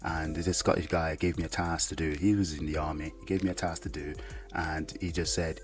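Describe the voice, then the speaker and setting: A man's voice: extremely low pitch, flat delivery, brisk, soft background music. A man who is a soldier, talking casually to the camera in a rambling way, with lots of "yeah" fillers. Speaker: soldier and vlogger.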